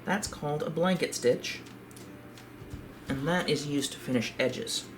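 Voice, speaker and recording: A man giving a calm, step-by-step craft tutorial for a library. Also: a little high, measured pace, slight background noise.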